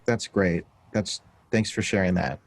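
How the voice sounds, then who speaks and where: A man's voice: low-pitched, unhurried, no echo. A man hosting an interview with students, asking questions with frequent restarts. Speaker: host. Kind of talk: interview conversation.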